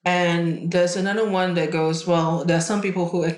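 A woman's voice: fairly low pitch, steady tone, moderate pace. A woman, co-hosting a casual podcast as a chiropractor, chatty and often repeating her co-host's words. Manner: chatty, echoes the co-host's words, many restarts. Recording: roomy echo.

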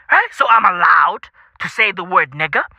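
A man's voice: high voice, moderate pace, vocal fry, sharp tone, dry recording. A South African man hosting a podcast, ranting in a profane comedic style with swaggering slang and repeated phrases. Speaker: podcast host. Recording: dull lo-fi dry recording.

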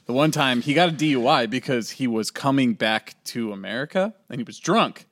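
A man co-hosting a casual chat, relaxed and joking as he reacts and starts his own story. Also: medium pitch, brisk, no room sound, studio quality.

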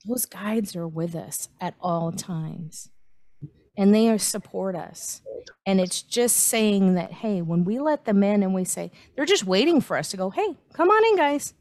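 A woman's voice: mid-range voice, a little slow, darkish tone, no echo. A woman hosting a casual chat, talking in an encouraging way and acting out inner voices. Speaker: host.

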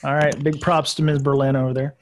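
A man's voice: fairly high pitch, flat delivery, brisk, background noise. A man hosting a casual holiday podcast chat over a video call, easygoing and hesitant with frequent ums. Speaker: podcast host.

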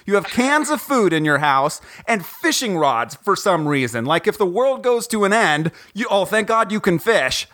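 A male podcast host with a fairly high voice and a very lively, swinging delivery. He jokes, rambles and piles on fillers in casual chat with a friend, talking from his home. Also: normal speed, few pauses. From Ohio, USA. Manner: animated, joking, rambling with lots of fillers. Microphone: recording from home, guest on the phone.

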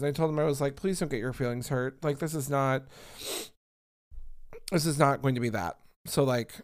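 A man hosting a podcast alone, chatting casually in a sassy, animated way and sounding tired. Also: medium pitch, smooth. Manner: sassy, animated storytelling with swearing. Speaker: podcast host. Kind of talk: casual solo chat.

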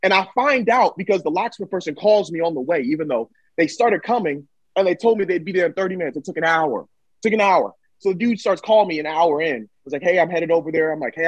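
A man telling a story in casual chat, dramatic and animated, acting out what people said. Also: on the high side, no room sound, rough recording. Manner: animated, dramatic retelling with acted-out quotes. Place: Michigan.

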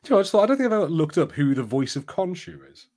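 A young man co-hosting a podcast in casual chat, full of fillers and now and then rushing into fast spurts. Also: on the high side, sing-song, darkish tone. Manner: chatty, filler-heavy, spurts of fast talk. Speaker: podcast co-host.

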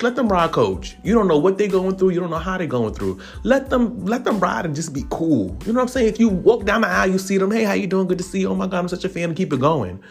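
A man giving casual, profane celebrity gossip commentary on his vlog, animated and opinionated. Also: high voice. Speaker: vlogger.

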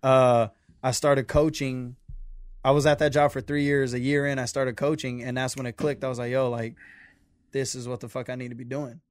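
A man's voice: medium pitch, level tone, normal speed, dry recording. A young man from a Mexican-American family telling his story in casual, profane podcast chat. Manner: profane, laid-back storytelling.

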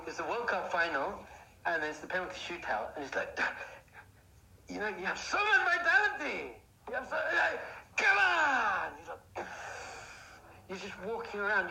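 A man giving a lively Torah class, asking rhetorical questions and building up to excited outbursts. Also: fairly high pitch. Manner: animated, rhetorical questions, bursts into excited shouting. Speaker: Jewish teacher. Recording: echoey room, faint noise.

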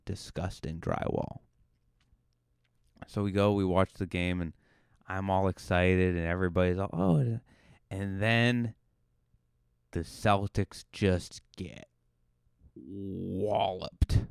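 Low-voiced joking podcast man. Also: fairly even intonation, slow pace, gravelly, pauses often, smooth, no echo, clean studio sound. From Cape Cod, Massachusetts. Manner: joking, rambling, self-deprecating. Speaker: podcast host. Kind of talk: comedic monologue.

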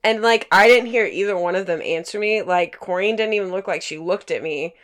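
A woman in her twenties telling a profane, animated story in casual chat, acting out quotes. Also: medium pitch, fairly quick.

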